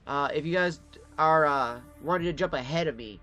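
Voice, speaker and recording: With soft music in the background, this Detroit, Michigan vlogger speaks at a moderate pace in a slightly high, bright voice with a forceful edge. He's casually telling a story, cursing without restraint and imitating whoever he quotes.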